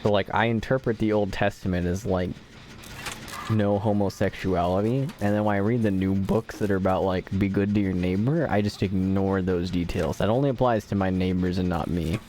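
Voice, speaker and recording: A man's voice: low voice, steady tone, normal speed, darkish tone, a little hiss or hum. A man streaming a video game, giving live commentary in a joking, mock-dramatic way and talking to the characters on screen.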